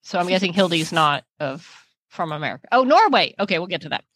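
Bright-voiced chatty woman podcaster. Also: on the low side, sing-song, fast, no room sound. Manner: chatty, reads listener mail aloud. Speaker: podcast co-host. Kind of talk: casual podcast chat.

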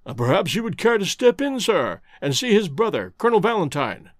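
A man's voice: sits high, very animated, fairly quick, no room sound, clean studio sound. A man voicing a solemn male butler who speaks formally and hesitantly.

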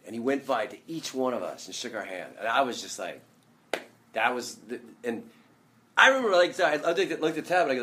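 A former soccer player telling a team story in casual chat, jumping between thoughts and laughing. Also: male voice, medium pitch, animated, quick pace, a bit bright.

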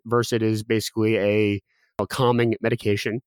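A man in his thirties, a podcast guest, telling a personal story quickly with many restarts and fillers. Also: medium pitch, no echo. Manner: rapid, with frequent restarts and fillers.

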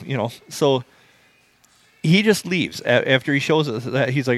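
A man's voice: medium pitch, lively intonation, normal speed, no echo. A man co-hosting a podcast, telling rambling stories in a wry, casual way. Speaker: podcast co-host.

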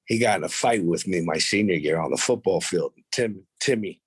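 A man's voice: low-pitched, normal speed, husky, no room sound. A middle-aged man telling blunt, profane stories from his past in casual conversation. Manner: profane, blunt, animated when quoting others. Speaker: podcast guest. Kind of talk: casual storytelling.

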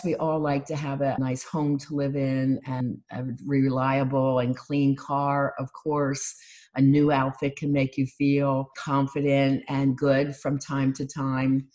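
A woman life coach giving a calm, instructive talk on gratitude and mindfulness, listing things one by one. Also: very deep voice, takes it slowly. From United States.

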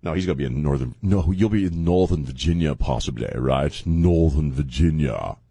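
A man with a very low, husky voice ribs his co-host in loose, sarcastic radio banter. The sound is dry and close on a studio mic. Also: moderate pace, warm tone, no echo. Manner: teasing, sarcastic, laughs a lot. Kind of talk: casual on-air banter. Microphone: studio microphone.

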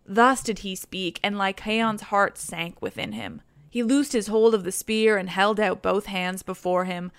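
A woman reading an ancient epic aloud as an audiobook narrator, with measured, formal narration. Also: fairly low pitch, creaky, clear, resonant tone, no room sound. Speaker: audiobook reader.

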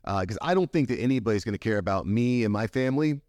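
A man in his forties hosts a podcast in a wry, opinionated manner. His pitch swings widely as he makes his points, and the room sounds dry and close. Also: animated, fast talker, a little mellow, no echo. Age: 40s. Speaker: podcast host. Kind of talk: casual conversational interview.

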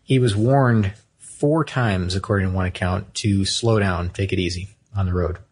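Husky low-voiced man telling a story. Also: moderate pace. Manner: rambling, self-correcting, reads from notes. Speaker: podcast co-host. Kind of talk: casual storytelling chat.

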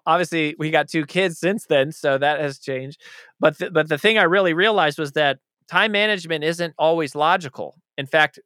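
A man's voice: fairly high pitch, bright, forceful tone, clear, resonant tone, no room sound, studio quality. A man speaking as an author being interviewed, talking in a passionate, emphatic way. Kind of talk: conversational interview answers.

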